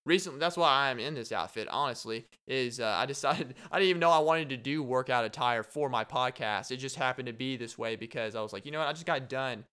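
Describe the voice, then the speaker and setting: Young male podcast host, casual solo chat, smooth voice, animated and rambling. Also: medium pitch, fairly quick, hardly any pauses.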